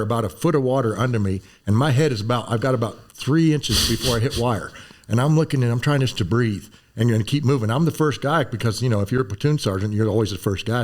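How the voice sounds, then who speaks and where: A man in his sixties tells his stories at a quick clip. He is animated and slips into other people's voices along the way. The pitch of his voice sits in the middle range. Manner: animated storyteller, acts out voices. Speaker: guest, former Green Beret physician. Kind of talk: storytelling in a conversation.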